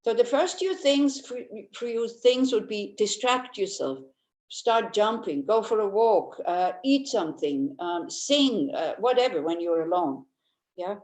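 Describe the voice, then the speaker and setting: Older female Buddhist teacher, mid-pitched, humorous, chatty storyteller, echoey room. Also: lively intonation, a little slow. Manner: chatty and anecdotal, with frequent restarts; warmly humorous, laughs easily. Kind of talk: informal Dharma teaching. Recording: roomy echo.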